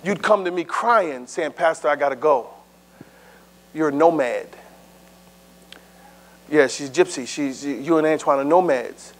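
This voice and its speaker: A middle-aged pastor preaching a sermon in a conversational way, with stammered restarts, swinging from loud, high bursts to low, hushed asides. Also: male voice, a little slow, pauses often.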